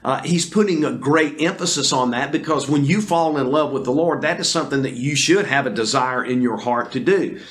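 A man preaching a sermon on video as pastor, earnest and deliberate, with many fillers and restarts. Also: medium pitch, fairly bright tone. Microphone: camera recording.

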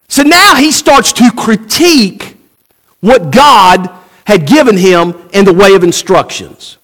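A male pastor delivers a sermon in an animated preaching manner. His voice sits high and swings widely in pitch. He keeps asking the congregation rhetorical questions and acts out the people he quotes.

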